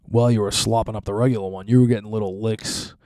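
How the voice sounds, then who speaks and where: Speaking fast in a steady, fairly low, mellow voice, a young man runs through a profane, rambling podcast monologue full of crude stories. He keeps laughing at his own jokes, and the recording is dry and close with no room around it.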